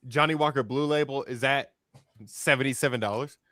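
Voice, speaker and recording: A man's voice: medium pitch, a little fast, a bit bright, no room sound. Podcast host guy, chatty, hypes the chat, bit of a cough, dry close mic. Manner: chatty, laughs often, hypes the audience. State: slight cough. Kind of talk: casual gaming podcast chat.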